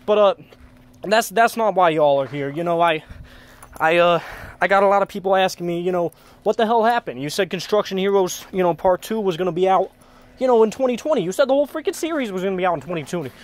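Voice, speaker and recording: A man's voice: sits high, animated, fast talker. A young man giving a comedic rant to camera, stammering and repeating himself, worked up, swearing and exasperated. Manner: stammering, frequently repeating words. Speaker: comedy web video creator.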